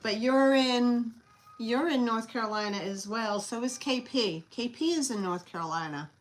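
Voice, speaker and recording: A woman's voice: a little high, moderate pace, faint music behind. A middle-aged woman with a Long Island New York accent, chatting as she hosts a live sale stream, rambling and answering viewers. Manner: chatty, reads out viewer comments, rambling asides. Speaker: host selling collectibles on a live stream. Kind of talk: live sales stream chat.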